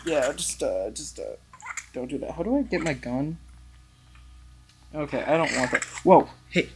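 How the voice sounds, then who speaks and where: A man's voice: on the high side, expressive, measured pace, noisy background. A young man giving rambling, casual commentary while playing a VR game, swearing and talking to the characters on a headset mic. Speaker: gaming YouTuber.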